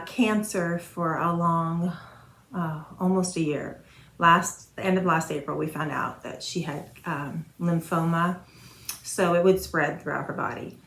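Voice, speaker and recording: A woman's voice: lowish voice, a bit bright. A woman in her forties chatting casually to camera as a stitching vlogger, rambling with many fillers and restarts. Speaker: Flosstube vlogger. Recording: roomy echo, faint noise.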